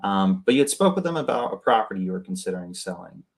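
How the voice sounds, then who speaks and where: A man casually coaching people on cold calling between phone calls, often tagging his points with a quick "right?". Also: sits low, sing-song. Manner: conversational, keeps adding "right?". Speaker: real estate wholesaling coach.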